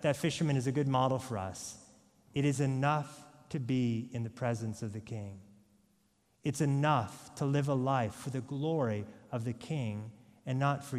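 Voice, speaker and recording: A man's voice: medium pitch, long reverb tail. A male pastor preaching a sermon, emphatic, asking his congregation rhetorical questions. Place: church.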